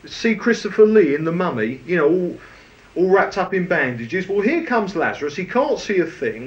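Brief: male preacher, slow deliberate delivery, animated pitch, dull lo-fi sound. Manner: lively, conversational preaching with humor. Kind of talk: sermon. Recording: dull lo-fi recording.

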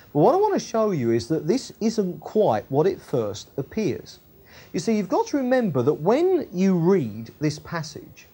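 A woman with a husky, warm, low voice teaches from scripture, reading verses aloud and then explaining them. Her delivery is chatty and colloquial, with lots of tag questions, and her pitch swings widely. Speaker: Bible teacher.

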